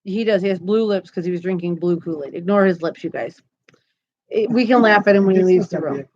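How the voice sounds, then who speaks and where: A woman's voice: lowish voice, brisk, a little mellow. Woman, thirties, crochet stream host, chatty, giggly, reads comments aloud, dull lo-fi stream sound. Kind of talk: casual live-stream chat. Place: home.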